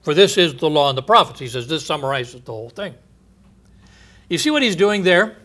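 A man preaching a sermon in an earnest teaching manner, posing rhetorical questions and pausing for emphasis. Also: fairly high pitch, fairly bright tone.

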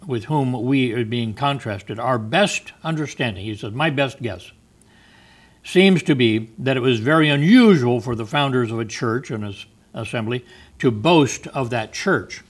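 A man's voice: mid-range voice, unhurried. Man teaching a Bible study. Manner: explains word meanings, repeats phrases, frequent ums and restarts.

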